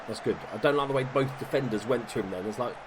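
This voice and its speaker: A man talks through a video game in a relaxed, chatty way from home, peppering his commentary with casual swearing and dry little asides. His voice sits at an ordinary middle pitch for a man. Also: quick pace, slight background noise. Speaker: gaming YouTuber.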